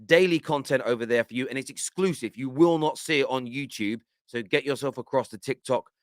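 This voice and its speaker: A man hosting a football fan channel, giving animated, exasperated reaction commentary on radio clips. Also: medium pitch, fairly quick, no echo. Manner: animated, exasperated, laughs often.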